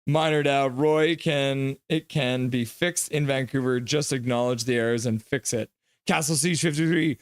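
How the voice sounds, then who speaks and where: A man's voice: medium pitch, fairly even intonation, normal speed, clear, resonant tone, no room sound. A man hosting a live stream, reading viewer comments aloud and giving jokey, chatty play-by-play of a hockey game.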